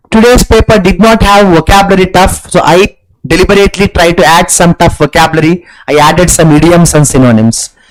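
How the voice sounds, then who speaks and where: Repetitive, high-voiced Indian English teacher. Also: male voice, no echo, poor audio. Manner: repeats key phrases, emphatic explanations. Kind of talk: online exam-prep lesson.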